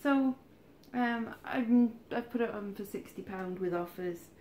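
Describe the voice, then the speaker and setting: A woman talks through her charity shop finds in a loose, rambling vlog style. Her voice sits at a middle pitch, and she drifts into wry little asides as she goes. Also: unhurried, warm tone, slight background noise. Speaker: charity shop reseller vlogger. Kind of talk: casual haul vlog chat.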